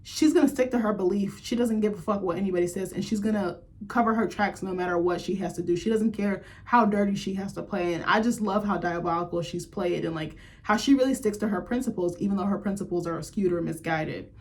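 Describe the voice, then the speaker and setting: A woman's voice: mid-range voice, fairly quick, hardly any pauses, a little mellow. A woman talking casually as she recaps a TV episode, chatty and profane, with many fillers like "like". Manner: chatty, profane, heavy use of "like". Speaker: show reviewer.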